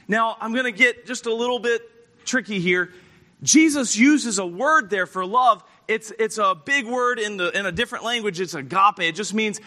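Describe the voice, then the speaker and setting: A man pastor preaching a storytelling sermon, animated and acting out the scenes as he goes. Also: high-pitched, moderate pace. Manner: animated, acts out the scripture scenes.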